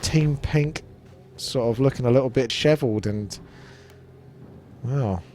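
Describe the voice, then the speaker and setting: A man's voice: mid-range voice, unhurried, a little mellow, slight background noise. A man casting a live strategy game match, chatty and analytical. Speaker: esports caster.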